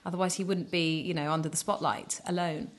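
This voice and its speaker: Low-voiced woman, rambling and giggly. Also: steady tone, a little fast. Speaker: podcast co-host. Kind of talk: casual chat.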